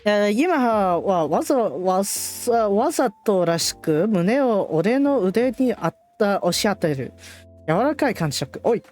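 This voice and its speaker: A woman streamer reading and translating a visual novel live in a playful, animated way. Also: medium pitch, fairly quick, soft background music. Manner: playful, animated, laughs often.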